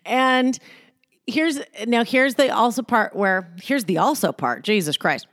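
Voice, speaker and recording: A woman hosting a show, giving casual, blunt advice with plenty of swearing and an animated delivery. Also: fairly high pitch, measured pace, no room sound, studio quality. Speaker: podcast host.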